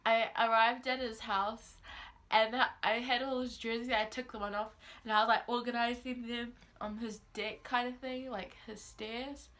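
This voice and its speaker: A Kiwi teen girl from New Zealand narrates a storytime vlog in a slightly high, fairly bright voice. She speaks at a moderate pace with fairly even intonation, yet stays chatty, says "like" constantly, and acts out the quotes.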